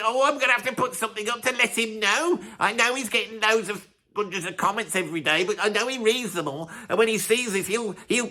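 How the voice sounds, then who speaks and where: A man's voice: high-pitched, bright, forceful tone, voice pushed up, full character voice. A man voicing a fussy, pedantic male fan who frets over a misspoken word. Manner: fretful, indignant muttering.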